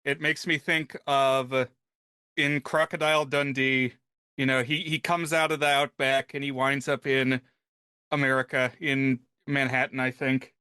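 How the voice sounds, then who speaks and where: A man co-hosting a film podcast, telling stories in a relaxed, wry way. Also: medium pitch, a little slow, clean tone, no echo, clean studio sound. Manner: relaxed, wry storytelling, reads quotes aloud. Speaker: podcast co-host. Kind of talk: casual film podcast chat.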